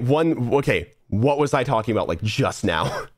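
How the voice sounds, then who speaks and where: A man's voice: medium pitch, lively intonation, normal speed, dry recording, studio quality. A young man streamer talking earnestly in a casual, rambling monologue full of restarts while he plays a game. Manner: rambling, earnest, many restarts and trailing asides.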